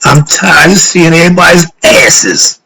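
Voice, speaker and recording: A man's voice: fairly high pitch, a little slow, vocal fry, sharp tone, slight background noise, poor audio. A middle-aged man giving a casual spiritual lecture, posing rhetorical questions and answering them, slipping into slang and getting worked up. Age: middle-aged or older. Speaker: philosophy talk host.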